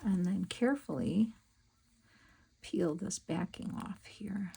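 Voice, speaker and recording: A middle-aged woman talks her viewers through a craft project at home, chatting and murmuring to herself as she goes. Her voice is mellow and slightly gravelly, and she speaks at an unhurried pace. A faint hiss sits under the recording. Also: fairly low pitch, low-quality recording. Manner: chatty, talks to herself while working, soft asides. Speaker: crafting vlogger. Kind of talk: casual crafting chat.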